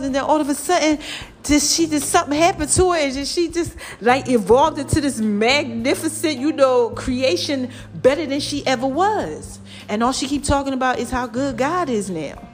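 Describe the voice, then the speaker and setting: A woman vlogger giving lively, preachy motivational talk straight to her viewers. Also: sits high. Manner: lively and preachy, calls viewers "child" and "y'all".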